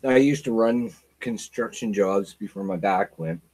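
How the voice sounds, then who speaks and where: A man's voice: lowish voice, darkish tone. A man hosting a casual interview, asking questions with dry jokes. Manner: slow, joking questions. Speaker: host.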